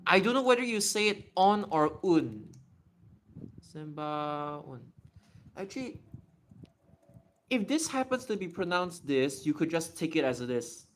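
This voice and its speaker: This livestream host's voice is high-pitched and sing-song at a normal speed. He answers questions casually about Japanese readings, thinking out loud and restarting or repeating words to hear how they sound.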